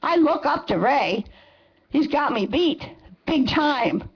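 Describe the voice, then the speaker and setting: A woman's voice: high-pitched, sing-song, slow. Angry older woman at a council podium. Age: 70s. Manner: angry, impassioned, emphatic. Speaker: public commenter. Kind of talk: public comment at a council meeting. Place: council chamber. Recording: dull lo-fi meeting recording.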